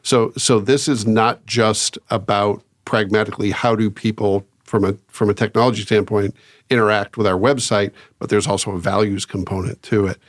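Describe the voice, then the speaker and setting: Male host, lower voice, steady interviewer, frequent affirmations, dry studio sound. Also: normal speed, dry recording. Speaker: podcast host. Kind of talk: casual podcast interview.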